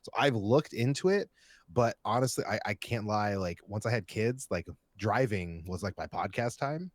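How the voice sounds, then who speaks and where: A man's voice: lowish voice, expressive, normal speed, dry recording, studio quality. A man in his thirties co-hosting a podcast, easygoing and rambling, with lots of "like" and "you know". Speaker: podcast co-host. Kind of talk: casual chat.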